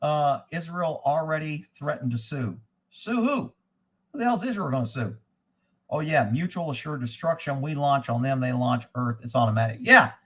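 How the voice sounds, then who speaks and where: A man with a somewhat higher voice for a man, talking off the cuff as he answers viewer comments. He is blunt and opinionated and swears freely. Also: fairly bright tone. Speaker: host reading viewer comments. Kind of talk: casual live commentary.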